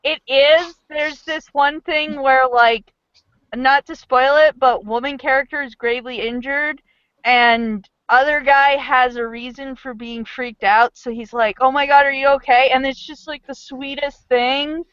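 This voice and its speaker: A woman game master in casual, chatty talk about a tabletop game, excitable and full of fillers. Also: high voice, a little slow, clear, resonant tone, dry recording, muffled recording.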